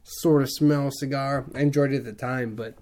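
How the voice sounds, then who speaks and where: A man's voice: medium pitch, fairly quick. A man in his thirties, a podcast co-host, telling stories in casual chat and acting out other people's lines. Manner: animated storyteller, acts out other people's lines.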